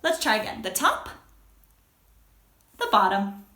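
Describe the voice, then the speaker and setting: A woman teaching a children's phonics lesson, speaking slowly and exaggerating each sound for young learners. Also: mid-range voice, reverberant. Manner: slow, expressive, exaggerated sounds.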